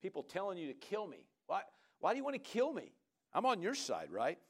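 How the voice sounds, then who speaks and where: A man preaching a sermon in a lively, conversational way, often asking the congregation "right?" and urging them on. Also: high voice, brisk, breathy edge. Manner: animated, conversational preaching with frequent "come on" and "right?". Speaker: pastor.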